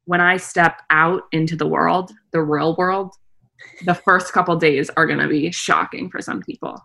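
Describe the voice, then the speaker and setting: A young woman co-hosting a podcast, with a bright, forceful tone. She tells stories animatedly and leaps into high voices for the quotes. Her talk is loose and casual. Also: moderate pace, creaky. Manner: animated storytelling, acts out quotes with big pitch jumps. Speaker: podcast co-host. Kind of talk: casual chat.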